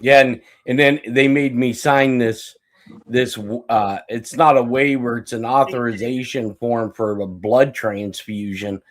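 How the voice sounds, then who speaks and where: A man's voice: mid-range voice, steady tone, unhurried. A man on a live stream telling a long story, cursing freely and breaking into laughter between lines. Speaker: guest storyteller. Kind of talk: casual live-stream chat.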